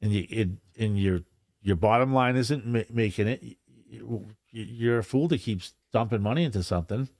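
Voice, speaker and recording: A man's voice: fairly low pitch, moderate pace, darkish tone, no room sound, studio quality. A man, a guest on a podcast, chatting casually about union work in a rambling way, swearing freely and restarting his sentences often. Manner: rambling, profane, frequent restarts. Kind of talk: casual chat.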